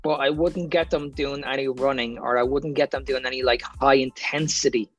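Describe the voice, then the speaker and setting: A man's voice: mid-range voice, steady tone, normal speed, fairly bright tone, slightly rough, soft background music. A man with an Irish accent, a fitness coach talking as a podcast guest, explaining training advice plainly from his own experience. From Ireland. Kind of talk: casual podcast chat.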